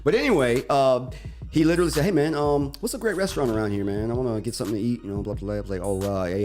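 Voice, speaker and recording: A man co-hosting a radio talk show, telling a long personal story in a lively, animated way and acting out the other people's lines. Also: medium pitch, rapid-fire, faint music behind.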